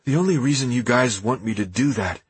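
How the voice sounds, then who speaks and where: A man reading a wary, resigned young man in an audiobook, in a dry, husky voice. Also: mid-range voice, a little fast, no room sound. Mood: wry.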